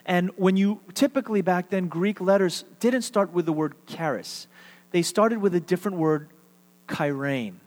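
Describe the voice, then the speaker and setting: Pastor guy preaching in a church, slightly high voice, echoey hall, mains hum in the background. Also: moderate pace. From Texas. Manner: warm conversational preaching, leads congregation in call-and-response. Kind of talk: sermon. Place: church sanctuary. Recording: reverberant hall.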